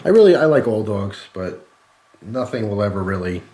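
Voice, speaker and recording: A man's voice: lowish voice, sing-song, moderate pace, a little hiss or hum. Chatty man reading fan cards. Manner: chatty, jokey, thanks readers warmly. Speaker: channel host reading viewer cards. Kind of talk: casual chat.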